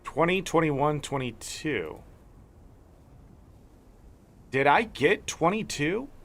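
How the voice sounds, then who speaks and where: Young gamer guy, high gravelly voice, cussing and ranting while he plays, bright edge. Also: lively intonation, unhurried. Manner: profane, ranting and exasperated. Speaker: gaming streamer. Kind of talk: casual gameplay commentary.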